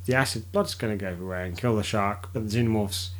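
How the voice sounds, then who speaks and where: A man's voice: fairly low pitch, quick pace. A man in casual podcast chat, rambling with loose swearing and frequent laughs.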